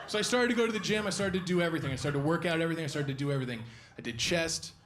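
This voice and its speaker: A young man performing a stand-up comedy set live on stage, animated and acting out shrill impressions of his girlfriend. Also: very fast. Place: theater stage before a live audience. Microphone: stage microphone. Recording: live stage recording with audience laughter. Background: audience laughter and applause.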